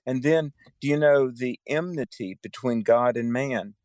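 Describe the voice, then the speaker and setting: A man's voice: medium pitch, a little slow, a little mellow, no echo. A man co-hosting a Bible teaching radio show, explaining theology in a fervent way and often affirming with amens.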